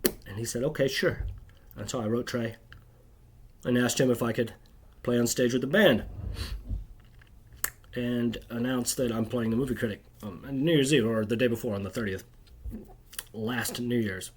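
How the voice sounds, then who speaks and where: A man's voice: mid-range voice, steady tone, normal speed, long pauses, darkish tone, slight background noise. A man telling a rambling, bitter personal story to camera, agitated and constantly tagging his sentences with "right?". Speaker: video creator.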